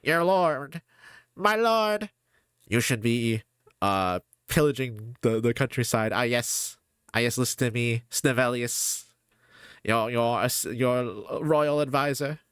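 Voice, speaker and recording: A man voicing a scheming evil male royal advisor with fawning, wheedling flattery, as a streamer doing a character voice. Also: mid-range voice, slow pace, smooth, no echo, studio quality, pitched above the performer's own voice.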